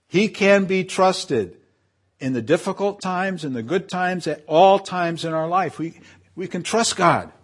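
Emphatic preaching man, lively delivery. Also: high voice, unhurried. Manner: emphatic preaching, swelling loud on key phrases and dropping to asides; leads congregation in call and response. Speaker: pastor. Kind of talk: sermon.

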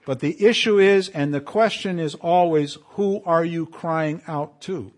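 A man preaching a sermon to his congregation, quoting scripture with emphatic swells and quiet drops. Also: on the high side, unhurried. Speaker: pastor.

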